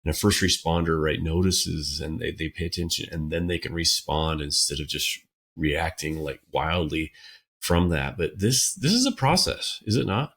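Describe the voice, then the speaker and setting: A man co-hosts a podcast, talking with emphatic energy. His voice is very deep and gravelly, with a husky edge. He makes his points with animated stress on key words. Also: moderate pace. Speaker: podcast co-host. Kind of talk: casual interview talk.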